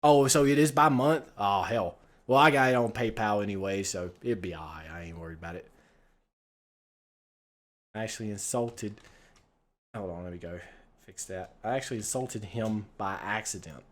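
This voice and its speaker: Fairly low in pitch and pausing often at a moderate pace, an American man streams a text adventure game. He rambles casually, curses a lot, and laughs often.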